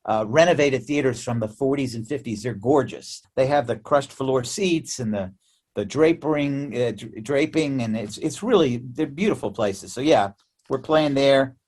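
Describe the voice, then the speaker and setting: Speaking in a mid-range voice, a musician from the United States joins a casual remote interview as a guest. His storytelling is lively and chatty, punctuated by frequent laughter and many restarts.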